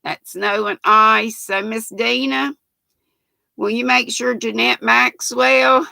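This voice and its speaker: Southern woman in her sixties, livestream host: gravelly, bright-toned voice, folksy and chatty. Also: a little high, steady tone, takes it slowly, dry recording. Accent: Southern American. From North Carolina, US. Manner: folksy and chatty, greets viewers by name. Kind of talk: casual live chat, reading viewer comments aloud.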